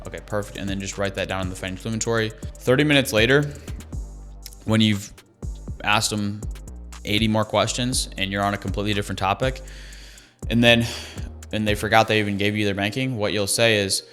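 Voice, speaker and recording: A man's voice: on the low side, steady tone, brisk, long pauses, a bit bright, soft background music. A man giving sales training in an emphatic, conversational way, repeating his key phrases. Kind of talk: coaching talk on sales calls.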